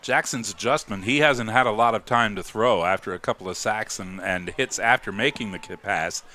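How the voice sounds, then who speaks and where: A man calling live football play-by-play, rising to excited calls on big plays. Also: fairly low pitch, moderate pace. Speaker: play-by-play announcer.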